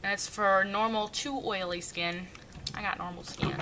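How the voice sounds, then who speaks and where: A young woman talks through her everyday makeup routine in a loose, rambling way, poking fun at herself as she goes. The home recording carries a clear background hiss with a low rumble. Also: steady tone, moderate pace. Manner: chatty, rambling, self-mocking. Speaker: beauty vlogger. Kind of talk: casual makeup tutorial chat.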